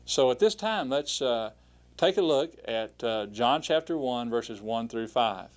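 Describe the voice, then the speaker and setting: Slow, patient man teaching Greek. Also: medium pitch, animated. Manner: slow, patient, pronounces each word aloud; hesitant, frequent "uh" fillers. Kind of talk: recorded video lesson.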